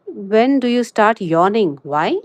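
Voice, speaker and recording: On a muffled recording with no echo, a crochet livestreamer talks in an animated, medium-pitched voice. She's chatty throughout the live tutorial and chat, leaning on "you know" to fill gaps.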